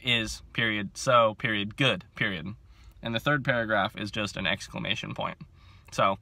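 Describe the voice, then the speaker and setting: A young man in his twenties chatting to camera about books, excitable and self-mocking, with frequent laughs, filming on a handheld phone. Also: fairly low pitch, no echo. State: overcaffeinated. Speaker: book vlogger. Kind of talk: casual chat to camera.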